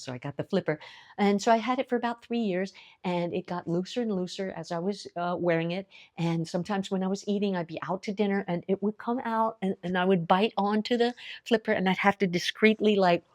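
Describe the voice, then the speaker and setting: A woman's voice: medium pitch, brisk. A woman in her fifties from the United States telling a story to camera in a chatty way, acting out both sides of her conversations. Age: 50s. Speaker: lifestyle vlogger. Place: India.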